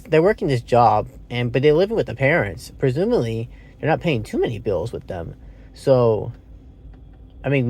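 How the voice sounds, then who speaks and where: A man talks through a movie review on his own, thinking aloud and often correcting himself. His mid-pitched voice has a gravelly edge, and he drops casual swears as he goes. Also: a little mellow. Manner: rambling, thinks aloud with many fillers and self-corrections. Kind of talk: casual solo film review.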